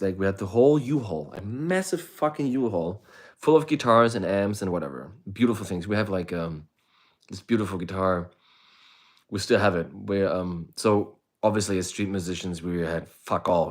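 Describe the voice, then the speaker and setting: A man with a fairly low voice tells a story on a live stream in an easy, casual way. He swears freely and acts out his own reactions with sudden loud bursts before dropping back to a relaxed tone. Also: moderate pace. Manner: animated, profane, acts out his own past reactions loudly.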